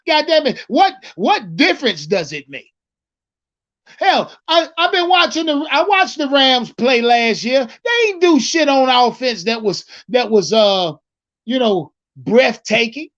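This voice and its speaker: A man's voice: extremely high pitch, sing-song, a little slow, fairly bright tone, muffled recording. A man casually chatting with his livestream viewers about football, profane and rambling, repeating himself and calling out the chat. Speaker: livestream sports commentator.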